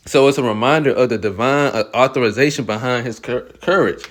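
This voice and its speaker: A man reads scripture aloud and reflects on it in a sermon-like talk. His voice sits at an ordinary pitch, and he keeps clearing his throat and correcting himself mid-phrase. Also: fairly quick, fairly bright tone. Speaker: Bible teacher. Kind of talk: scripture reading and commentary.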